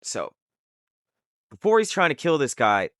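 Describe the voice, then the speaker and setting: A man's voice: on the high side, very animated, measured pace, fairly bright tone, dry recording, clean studio sound. A man casually retelling a comic book's plot in a loose, rambling way full of fillers. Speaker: comic recap host. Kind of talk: casual comic book recap.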